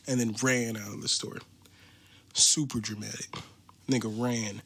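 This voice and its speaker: A man's voice: medium pitch, fairly even intonation, unhurried, a bit bright. An American man hosting a podcast, ranting in a casual, profane, mocking way. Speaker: podcast host.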